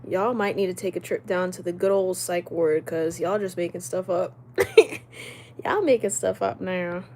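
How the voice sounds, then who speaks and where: A young woman live streaming from home, chatting casually, reading out comments and firing back quick retorts with frequent laughs. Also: fairly low pitch, fairly even intonation, a little mellow, slight background noise. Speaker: livestreamer. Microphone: camera mic while live streaming.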